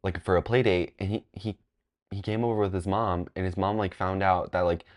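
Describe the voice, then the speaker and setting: Young man, very deep voice, rambly and dramatic, casual storytime. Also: a little fast. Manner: rambling, filler-heavy, animated and dramatic. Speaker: vlogger.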